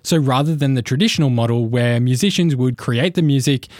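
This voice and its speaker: A man narrates between interview segments in a scripted, even delivery. His voice sits at a middle pitch. The recording is dry and close. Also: brisk, dry recording. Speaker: podcast host, narrator.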